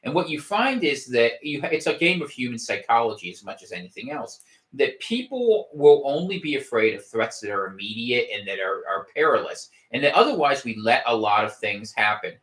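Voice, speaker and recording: A man's voice: medium pitch, very animated, brisk, a bit bright. A man hosting a casual podcast livestream from home, rambling with wry gallows humor and frequent restarts. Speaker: podcast host. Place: home room.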